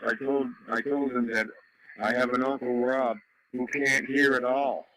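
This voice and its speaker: A man's voice: mid-range voice, little pitch movement, measured pace, a bit bright, low-quality recording. A man from Canada telling rambling stories in a casual chat over a radio net, full of fillers and restarts. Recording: radio audio with faint noise.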